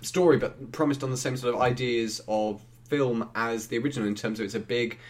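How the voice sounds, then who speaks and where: Speaking at a medium pitch and a fairly quick clip, this film podcast co-host keeps things loose. He wanders off topic, restarts frequently, and is quick to laugh.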